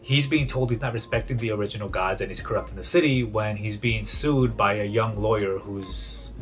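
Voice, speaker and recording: A man's voice: fairly low pitch, brisk, soft background music. A young man casually summarizing a book he read, in a chatty retelling full of "he's like" and restarts. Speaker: book reviewer.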